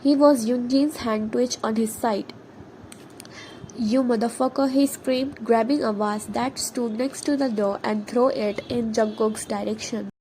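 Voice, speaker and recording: A woman reading her fan fiction story aloud as a narrator, steady with occasional slips. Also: a little high, normal speed, few pauses, slight background noise, rough recording. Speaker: fan fiction author and reader.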